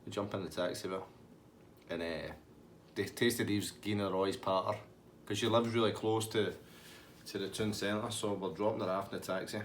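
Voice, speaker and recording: Laughing through a rambling comic tale, this Scottish-accented man speaks at a normal speed in a fairly low, steady voice. A little background noise can be heard.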